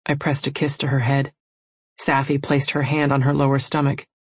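Breathy woman narrating a novel. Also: very deep voice, level tone, moderate pace, no room sound. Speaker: audiobook narrator. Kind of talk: first-person novel narration.

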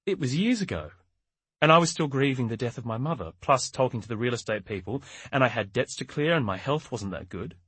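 A man's voice: mid-range voice, expressive, fairly quick, a bit bright, slightly rough, no echo, pitched above the performer's own voice. A man voicing a tired, defensive older woman who sticks firmly to her story. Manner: tired, evasive, growing more confident.

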